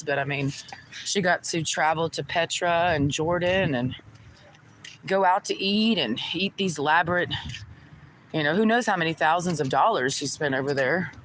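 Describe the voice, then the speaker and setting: A woman's voice: low voice, fairly bright tone, a little hiss or hum, poor audio. A woman vlogger ranting to the camera in an aggrieved, venting way, repeating herself and swearing. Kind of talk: personal rant to camera.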